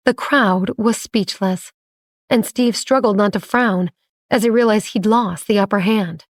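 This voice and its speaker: A woman reading a romance audiobook in measured, even storytelling on a close mic. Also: mid-range voice, dry recording. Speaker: narrator. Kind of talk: scripted audiobook narration.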